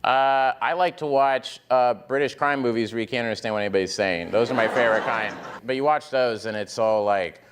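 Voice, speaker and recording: A man, a comedian guest, telling stories on a talk show with lively slips into impressions. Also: mid-range voice, a little fast, few pauses, clear, resonant tone. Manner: animated storytelling that slips into impressions. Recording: talk show stage with loud audience and noise.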